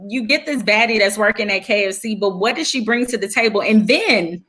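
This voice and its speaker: A woman's voice: medium pitch, lively intonation, fairly quick, fairly bright tone. A woman who is a guest on a casual podcast chat, speaking candidly, with many restarts and fillers.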